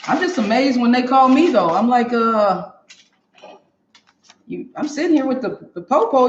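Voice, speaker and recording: A woman's voice: on the high side, expressive, normal speed, pauses often, slight background noise. A woman hosting a live cooking demo from her kitchen, talking straight to viewers and laughing often. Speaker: cooking show host. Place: home kitchen. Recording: echoey kitchen, dull lo-fi sound.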